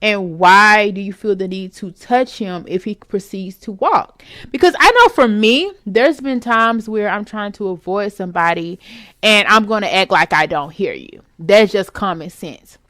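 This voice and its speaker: A woman's voice: medium pitch, lively intonation, unhurried, sharp tone, no echo, studio quality. A woman hosting her own vlog, giving her opinions in a casual, emphatic commentary and calling the listener "baby".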